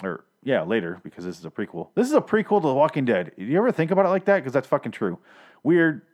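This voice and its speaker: A man's voice: mid-range voice, big pitch swings, fast. A man casually recapping a TV episode at home, rambling and swearing freely with audible pops on his microphone. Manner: profane, rambling, self-deprecating. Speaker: podcast host recapping a TV show. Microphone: home microphone with audible plosives.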